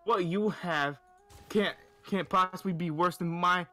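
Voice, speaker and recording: A shrill, pushy entitled mother who demands her way in a whiny, raised voice, as a young man puts her on. The voice rides well above his own. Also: measured pace, bright, forceful tone, faint music behind. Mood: demanding.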